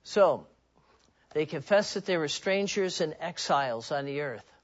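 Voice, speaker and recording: A man's voice: on the high side, lively intonation, unhurried, highs cut off. A man preaching a sermon in an earnest, personal way, often restarting and repeating words.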